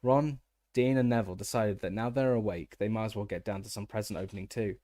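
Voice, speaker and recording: Low-voiced man reading an audiobook. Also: steady tone, quick pace, mellow, no room sound, studio quality. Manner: frequent stumbles and restarts. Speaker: audiobook narrator.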